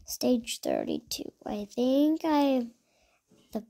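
A woman hosts a gaming video, giving chatty, playful commentary on her own gameplay, repeating words in little chants and often slipping into a soft near-whisper. Her voice is a little high with huge pitch swings and a slow pace. Background noise is present.

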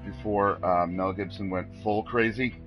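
A man's voice: fairly low pitch, steady tone, moderate pace, lo-fi sound, soft background music. A man streaming a game, rambling and self-deprecating, exclaiming at what happens on screen. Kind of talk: casual gameplay commentary.

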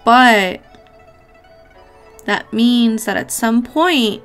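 A woman's voice: fairly high pitch, extremely slow, a bit bright, faint music behind. A woman giving a casual pick-a-card tarot reading, chatty and affectionate, with casual swearing. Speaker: tarot reader.

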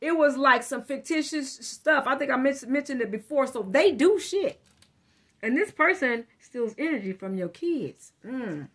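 A high-pitched woman reads tarot in a loose, casual monologue. She talks to her listener directly, heavy on slang and cursing, and she leans hard on her points. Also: lively intonation, measured pace, fairly bright tone, slightly rough. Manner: blunt, profane, slangy; emphatic, addresses listener directly. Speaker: tarot reader.

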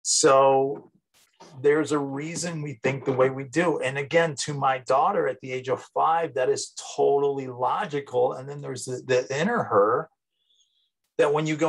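A man's voice: medium pitch, fairly even intonation, moderate pace, rough recording. A man in his fifties, a psychology teacher, giving a conversational recorded lecture and acting out everyday examples. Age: 50s.

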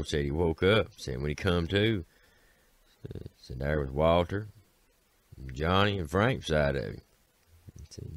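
A man with a very deep voice and an Appalachian accent tells an old mountain folk tale in a homespun, rambling way, starting lines with "said" and lifting his voice for the characters. The recording is close and dry. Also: no room sound. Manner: folksy, repeats "said" often, voices characters. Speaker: storyteller.

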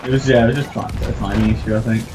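A man chatting excitedly while gaming, laughing and acting out other players. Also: lowish voice, fast. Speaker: gamer host. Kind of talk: casual gameplay chat. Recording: game battle noise behind.

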